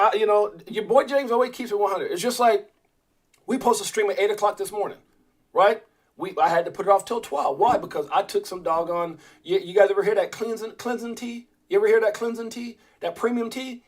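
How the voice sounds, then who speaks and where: A man hosting a casual crypto livestream, rambling with many restarts and talking straight to his viewers. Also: sits high. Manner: rambling, restarts often, addresses viewers as guys.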